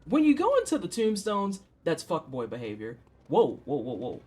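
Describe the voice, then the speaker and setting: The pitch swoops wildly around a medium center, and the delivery is moderately paced, warm, and a little breathy. It's a St. Louis, USA streamer in their 30s, joking and cursing through slang-heavy trash talk while chatting with viewers during a game.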